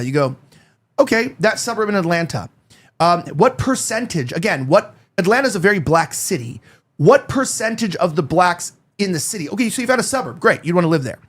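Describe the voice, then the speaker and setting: Male host from Los Angeles, high-pitched, loose rambling delivery. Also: lively intonation, fairly quick. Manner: rambling, frequent fillers and restarts. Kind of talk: casual panel talk.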